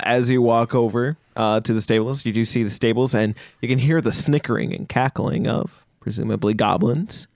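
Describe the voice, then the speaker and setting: A man's voice: fairly low pitch, no echo, clean studio sound. Matter-of-fact male game master. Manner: plain, matter-of-fact narration. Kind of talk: narrating a tabletop game.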